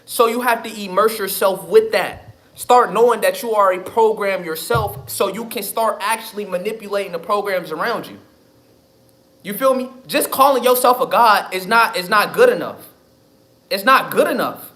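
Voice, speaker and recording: A man's voice: sits high, moderate pace, a bit bright. A man, talking casually and emphatically on a live stream, profane and repetitive. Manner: emphatic, profane, repeats himself. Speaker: livestream host. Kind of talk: casual livestream talk.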